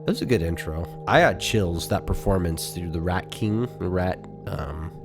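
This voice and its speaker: A podcast co-host with a low, creaky voice chats casually at normal speed while music plays in the background. He rambles, peppering his talk with fillers and laughs.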